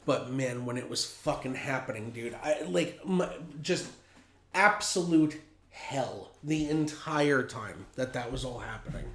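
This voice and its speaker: A man hosting a casual podcast who tells stories in an animated way, with plenty of profanity. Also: mid-range voice, unhurried, reverberant, slight background noise. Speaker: podcast host.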